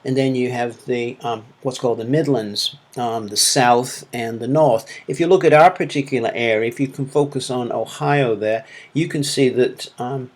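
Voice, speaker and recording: A man's voice: medium pitch, normal speed, few pauses. A man with a Manchester accent giving recorded course feedback as a lecturer, talking hesitantly with many fillers and restarts. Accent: Manchester English. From England. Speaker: university lecturer.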